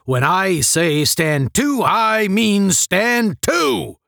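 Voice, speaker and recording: A man voicing a gruff, tough veteran male sergeant in a storybook reading, barking his orders. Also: on the high side, sing-song, takes it slowly, fairly bright tone, no room sound, studio quality, heavily acted. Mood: roaring. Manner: barking, drill-sergeant commands.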